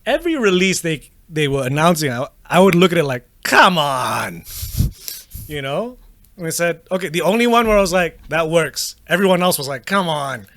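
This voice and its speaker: A man from Malaysia co-hosts a casual podcast, bouncing between swearing and acting out old reactions. His voice is bright and lively in pitch, recorded close and dry. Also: fast, no echo. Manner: animated, swears freely, acts out quoted reactions. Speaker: podcast co-host. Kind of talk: casual chat.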